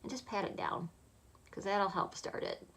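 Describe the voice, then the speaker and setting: A woman talking through a makeup tutorial in a soft, chatty voice, often dropping to a half-whisper. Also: medium pitch, moderate pace. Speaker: makeup vlogger.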